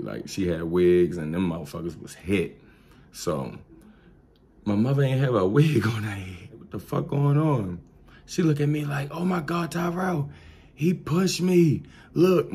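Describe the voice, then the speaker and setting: A young man from tells a storytime vlog, animated, profane and slangy, with sound effects. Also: deep voice, slightly rough. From Baltimore. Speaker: vlogger.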